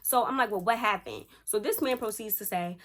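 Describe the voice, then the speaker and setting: A woman's voice: mid-range voice, a little fast. A young woman, chatting at home as a storytime vlogger and acting out the quotes of people in her story. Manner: chatty and animated, acts out quotes. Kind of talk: casual storytime chat.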